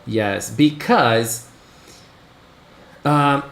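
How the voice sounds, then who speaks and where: A man hosting a casual live stream, excitably chatting and greeting his viewers one by one. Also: medium pitch, very slow. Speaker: livestream host. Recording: roomy echo.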